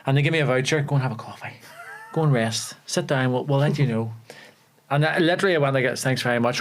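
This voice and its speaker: A young man with a Belfast accent, an actor telling animated stories on a podcast and laughing often. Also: medium pitch, a little fast. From Northern Ireland. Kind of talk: casual storytelling chat. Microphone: podcast studio mic.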